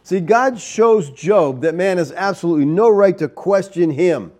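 A man preaching a sermon in an animated way, with rhetorical asides to the congregation. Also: high voice, normal speed. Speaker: pastor.

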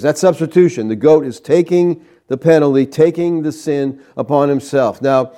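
A man preaching an expository sermon, reading scripture aloud in a measured teaching delivery with emphatic stresses on key words. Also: medium pitch, mellow.

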